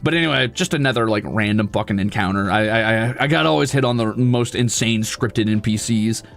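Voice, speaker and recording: A man streamer telling an animated, laughing story in a casual chat. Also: lowish voice, fairly quick, creaky. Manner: animated, laughing, acts out voices.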